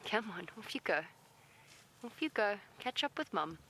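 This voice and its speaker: Outdoors, a woman safari guide gives live wildlife commentary in a calm, gentle manner, speaking softly to animals near her vehicle and fielding viewer questions. Her voice is mid-range at a normal speed, and the recording is rough.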